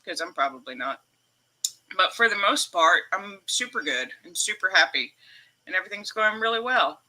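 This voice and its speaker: A woman's voice: on the low side, expressive, normal speed, bright, forceful tone. A woman hosting a casual livestream from home, emotional and upbeat, laughing often as she chats. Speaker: livestream host.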